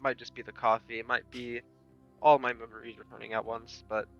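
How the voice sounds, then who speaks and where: A man's voice: medium pitch, flat delivery, a little fast, faint music behind. A man playing a tabletop roleplaying game, chatting in a dry, offhand way. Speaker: player. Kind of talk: casual chat. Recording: muffled lo-fi mic.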